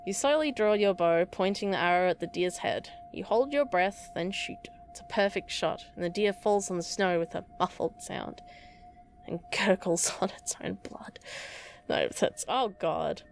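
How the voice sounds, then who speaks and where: Over soft background music, a young woman with a medium-pitched voice talks at normal speed while hosting a let's play. She chats casually, reads game text out loud, and is self-deprecating, laughing often.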